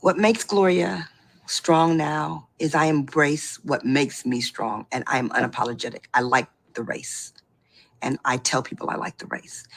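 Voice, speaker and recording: A middle-aged woman telling her personal story in an animated way, laughing and acting out what people said. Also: fairly low pitch. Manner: animated, laughing, acts out quotes.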